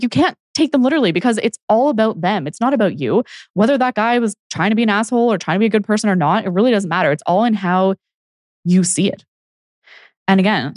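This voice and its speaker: A woman's voice: on the low side, dry recording, clean studio sound. A young adult woman hosting her podcast as a fitness coach, talking casually with lots of "like" and acting out what people said. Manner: chatty, frequent "like", acts out quoted people. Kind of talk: casual solo podcast monologue.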